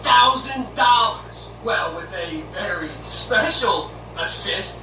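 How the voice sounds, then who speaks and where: A man's voice: high voice, lively intonation, slow pace. A man hosting a fan show, delivering a sarcastic, brash comedic rant. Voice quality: mocking and brash. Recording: roomy distant noisy video recording.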